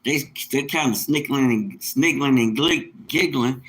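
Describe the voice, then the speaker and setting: A man's voice: mid-range voice, a little slow, a bit bright, rough recording. A man hosting a casual livestream, talking at length in a rambling, emphatic way that turns preachy at times. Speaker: livestream host, mobile mechanic.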